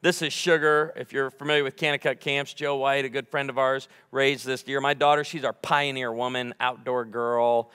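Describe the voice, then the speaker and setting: A man's voice: medium pitch, level tone, normal speed, few pauses, fairly bright tone, clear, resonant tone, long reverb tail. A man in his forties giving a humorous sermon in a church, bantering playfully with the congregation. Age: 40s. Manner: joking, playful crowd banter. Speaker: guest preacher. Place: church sanctuary before a congregation.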